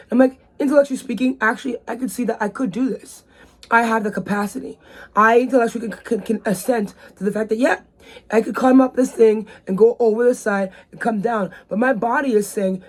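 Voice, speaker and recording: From her bedroom, a vlog host with a fairly high, fast voice rambles casually. She's chatty and leans heavily on fillers.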